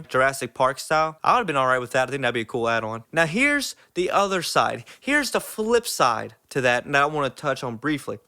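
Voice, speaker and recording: A man's voice: on the high side, pushed and bright. A young man giving an enthusiastic, casual theme park ride review, full of "like" fillers.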